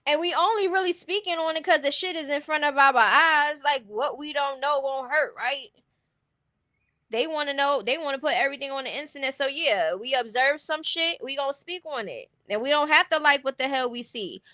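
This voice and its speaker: Blunt, bright-voiced woman streamer. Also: high voice, moderate pace, no room sound, clean studio sound. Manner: blunt, opinionated, laughs while talking. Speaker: commentary streamer. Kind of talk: casual livestream commentary.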